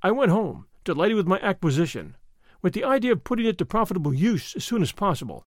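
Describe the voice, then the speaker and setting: Guy narrating an audiobook, expressive, kinda high voice, dry close mic. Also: quick pace, no room sound. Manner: expressive storytelling, first-person reading. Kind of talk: scripted narration.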